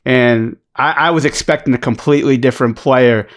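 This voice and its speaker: Fast-talking Boston man, podcast guest, cursing and joking, mid-pitched. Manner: fast, profane, joking, repeats words when starting. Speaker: podcast guest, basketball coach. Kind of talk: casual podcast chat.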